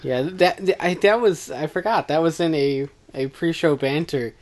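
A man's voice: fairly high pitch, moderate pace. Rambling, laughing casual male storyteller. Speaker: podcast co-host. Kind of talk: casual chat about a movie.

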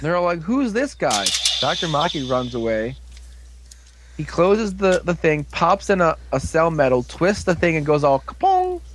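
A man casually recapping a TV episode, rambling with lots of "like"s and quick asides. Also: on the high side, big pitch swings, noisy background. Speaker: show recapper.

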